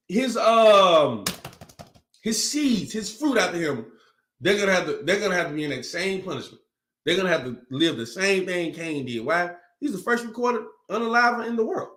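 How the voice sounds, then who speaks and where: A man co-teaching an informal sermon, blunt and exclamatory, with quick interjections. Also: sits high, fairly bright tone. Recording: roomy echo.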